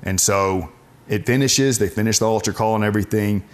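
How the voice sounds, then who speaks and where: Deep-voiced man, earnest and halting. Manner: earnest, halting, with frequent restarts. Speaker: guest telling his faith story. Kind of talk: personal storytelling in conversation.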